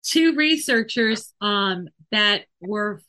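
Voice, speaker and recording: A woman's voice: medium pitch, expressive, extremely slow, bright, forceful tone. A woman podcast host who trains animals, explaining things thoughtfully and working through examples with small restarts. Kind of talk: casual explanatory podcast talk.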